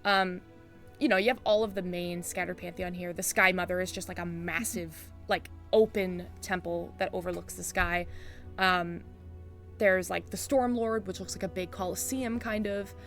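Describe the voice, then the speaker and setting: A woman's voice: fairly low pitch, steady tone, normal speed, a bit bright, soft background music. Woman game master narrating casually. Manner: casual descriptive narration full of "um" and "like".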